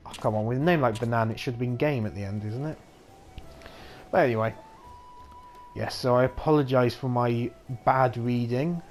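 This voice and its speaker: A man's voice: medium pitch, moderate pace, pauses often, darkish tone, slight background noise. A man giving casual gameplay commentary in a hesitant, self-deprecating way with many fillers. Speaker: let's play gamer.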